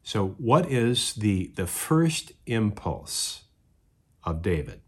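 A husky pastor speaks slowly with a fairly low pitch and big swings in tone. In his sermon he tells a story and acts out its characters' voices.

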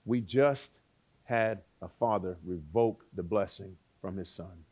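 A man preaching a sermon, with dramatic swings between loud exclaiming and hushed words and rhetorical questions to the listeners. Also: low voice, slow pace, breathy edge.

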